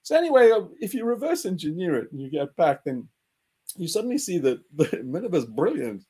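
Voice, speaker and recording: Male host, husky voice with a swooping, lively pitch; excitable, mocking, laughs as he talks. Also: brisk. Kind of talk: animated group discussion.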